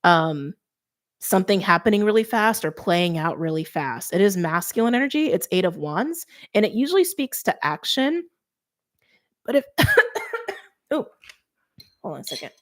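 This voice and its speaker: A woman doing an intuitive tarot card reading, speaking softly and earnestly and letting her emotions show. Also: medium pitch, big pitch swings, normal speed, long pauses. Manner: soft, earnest, openly emotional. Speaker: tarot reader.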